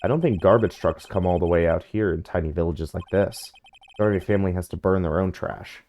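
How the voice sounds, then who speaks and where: A man's voice: low voice, a little fast, darkish tone. A man reading game dialogue aloud in a dry, wry tone during a playthrough.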